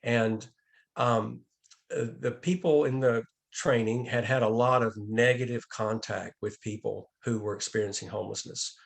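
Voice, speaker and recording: A man giving a training talk on a video call as an outreach director, speaking calmly with frequent restarts and repeated words. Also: medium pitch, normal speed, vocal fry.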